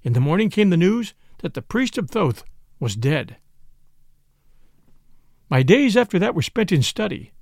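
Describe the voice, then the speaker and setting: Gravelly male narrator, lively and grave, close dry studio read. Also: high voice, measured pace, long pauses, no echo. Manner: grave, impassioned storytelling. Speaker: audiobook narrator. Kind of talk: dramatic first-person narration.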